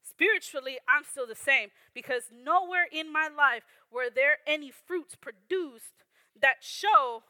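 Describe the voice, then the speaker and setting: A woman's voice: high voice, measured pace, pushed and bright, dry recording. A young woman teaching a Bible lesson in an earnest, conversational way, often checking in with "right?". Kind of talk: sermon.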